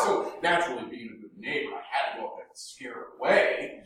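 A man telling a first-person dramatic monologue in an animated way, dropping to hushed murmurs and rising to loud bursts. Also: mid-range voice, fairly quick. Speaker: storyteller. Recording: echoey room from a distance.

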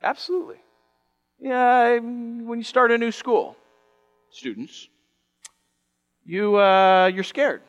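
A man preaching a sermon as pastor, conversational and animated, acting out quick quoted voices. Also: extremely high pitch, dull audio, faint music behind.

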